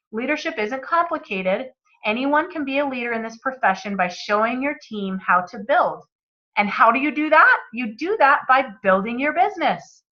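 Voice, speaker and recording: A woman's voice: fairly high pitch, dull audio. A woman hosting a book club, reading passages aloud and commenting with enthusiastic, motivational energy.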